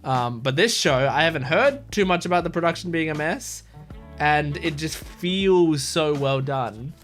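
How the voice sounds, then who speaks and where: A young man hosting an anime reaction, talking casually in an excited, rambling way full of fillers and swearing. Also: a little high, a little slow, soft background music.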